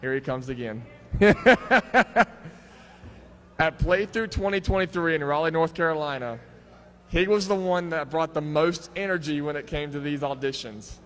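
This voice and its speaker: A man's voice: on the high side, moderate pace, pauses often. A young man hosting voice acting auditions at a convention panel on a handheld microphone, chatty and self-deprecating. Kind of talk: casual convention panel talk. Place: convention hall. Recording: echoey hall with faint crowd ambience.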